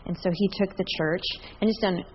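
A woman's voice: on the low side, steady tone, a little fast, slight background noise. Older woman, guest preacher, chatty and joking, dull sound, long church reverb. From US Northwest. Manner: chatty and humorous, laughs often. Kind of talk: sermon. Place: large church.

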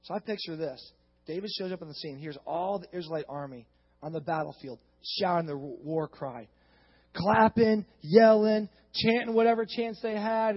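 Very high-voiced man preaching in echoing hall. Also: moderate pace. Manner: casual, animated storytelling with rising exhortation. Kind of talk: sermon. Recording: dull sound with long hall reverb.

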